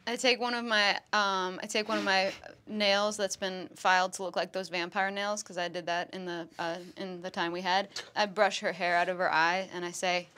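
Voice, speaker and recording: A woman's voice: mid-range voice, flat delivery, normal speed, sharp tone. A woman playing a tabletop game, talking playfully. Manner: playful, laughing. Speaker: player.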